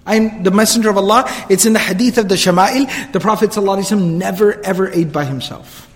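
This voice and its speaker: A man with a bright, fairly high voice gives a religious lecture at a quick clip. He tells the story earnestly, circling back on phrases to stress them and slipping fluently into Arabic quotes. His voice trails off into a long hall reverb.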